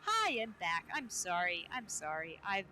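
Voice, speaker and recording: A woman streamer stays in character during a game, chatting to her viewers in a scattered, rambling way. Her voice is fairly low, sing-song, unhurried, and sharp in tone. Faint music plays in the background.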